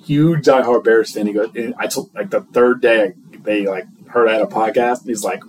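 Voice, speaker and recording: A man co-hosting a casual sports podcast, talking in an animated, rambling way and often restarting his sentences. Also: fairly low pitch, normal speed, slight background noise. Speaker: podcast co-host.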